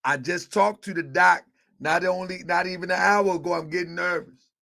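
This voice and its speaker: A man hosting a live online show, chatting casually, with a repetitive, excitable, joking manner. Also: high-pitched, normal speed, vocal fry. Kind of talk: casual livestream chat.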